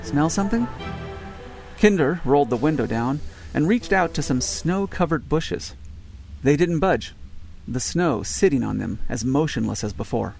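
A man reading an audiobook in measured scripted narration. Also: medium pitch, animated, vocal fry, darkish tone, soft background music.

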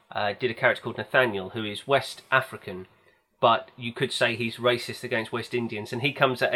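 A man's voice: medium pitch, bright, forceful tone. Rambling, enthusiastic man talking films. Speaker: podcast host. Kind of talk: casual film chat.

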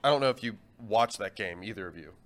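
A man's voice: fairly low pitch, animated, fast talker, a bit bright. A man co-hosting a sports talk radio show, chatting casually in banter.

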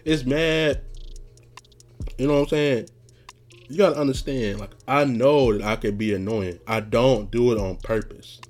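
A man hosting a podcast, telling stories in a casual, rambling monologue, often laughing and getting loud and animated when retelling something that angered him. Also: medium pitch, a little slow, soft background music. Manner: rambling, laughs often, frequent "you know what I'm saying".

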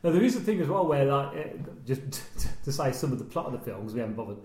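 A man's voice: mid-range voice, sing-song, quick pace, darkish tone. A man hosting a casual film chat, chatty and laughing at his own jokes. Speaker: podcast host. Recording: roomy echo.

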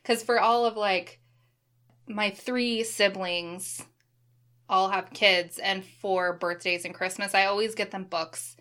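A woman in her thirties in casual chat, relaxed and enthusiastic, swearing now and then. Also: mid-range voice, slow.

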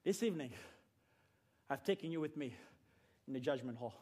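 A man preaching a sermon in a church, moving from quiet storytelling to loud, repeated calls to the congregation. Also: medium pitch, lively intonation, moderate pace, breathy edge. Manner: builds from quiet storytelling to shouted, repetitive exhortation.

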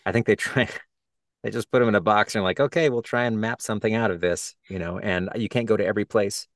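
A man with a low voice speaks as a guest in a relaxed podcast interview. He explains his craft thoughtfully, reflecting as he goes. The sound is close and dry, with no room echo. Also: fast talker. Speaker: guest, audiobook narrator and author.

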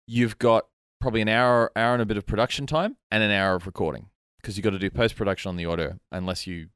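A man hosting a casual podcast chat, rambling and animated, his voice sometimes trailing off into mutters. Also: fairly low pitch, fast talker, clean tone, no echo, studio quality. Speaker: podcast host. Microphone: studio mic.

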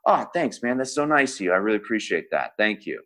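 A man's voice: lowish voice, big pitch swings, quick pace, a bit bright, pitched above the performer's own voice. A man impersonating a friendly, laid-back male rock star while telling a story. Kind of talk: impression in an anecdote.

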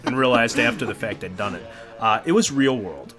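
A man co-hosting a casual podcast, reflective and given to trailing off into quiet asides. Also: mid-range voice, brisk, over music. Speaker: podcast co-host. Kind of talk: casual chat.

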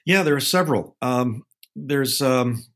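An older man, a guest film advisor, telling anecdotes in a measured way with frequent filler pauses. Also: mid-range voice, animated, fairly bright tone. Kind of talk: casual storytelling interview.

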